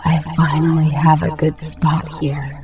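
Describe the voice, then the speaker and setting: A cruel, vain painted villain come to life, voiced by a man, drawling his threats at a slow, deliberate crawl. His sneering menace sits over clearly audible background music in this horror story reading. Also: on the high side, flat delivery, close to an everyday voice. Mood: commanding.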